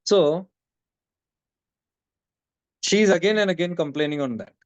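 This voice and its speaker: A middle-aged man with an Indian accent gives a spiritual talk to an online audience. He tells stories in a lively way, acts out the voices of his friends, and slips Hindi into his English. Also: on the high side, a little slow, clean tone, no echo. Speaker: spiritual teacher.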